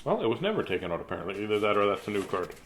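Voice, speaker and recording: A man in his fifties reads a children's book aloud in a loose, chatty way. He wanders off into jokes and asides as he goes. His pitch rises and falls a lot, keeping him lively. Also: very fast, a little hiss or hum. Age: 50s. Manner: chatty, jokey, digressive. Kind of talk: casual live read-aloud.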